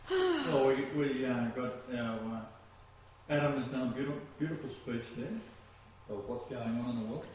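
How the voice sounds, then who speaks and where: A man's voice: mid-range voice, very animated, normal speed, darkish tone, slight background noise. Playful man on a very echoey mic. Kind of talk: casual chat. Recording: very echoey, distant, faint clicks.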